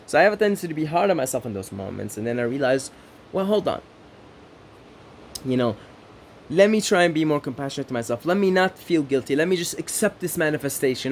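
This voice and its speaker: A man's voice: fairly high pitch, lively intonation, fast talker. Earnest man with a faint hiss behind. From Middle East. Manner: earnest, repeats "right?" as a check-in, rhythmic lists. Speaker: spiritual self-help speaker. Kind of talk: reflective monologue to camera.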